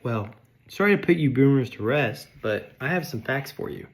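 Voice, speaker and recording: A man's voice: medium pitch, lively intonation, fairly quick. A man delivering a comedic rant, mock-outraged and sarcastic, insulting his audience. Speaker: vlogger.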